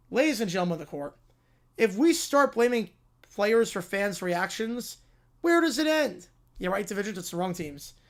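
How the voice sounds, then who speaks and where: A man voicing a clueless, bumbling male defense lawyer who pleads cheerfully and obliviously in a comic courtroom skit. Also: extremely high pitch.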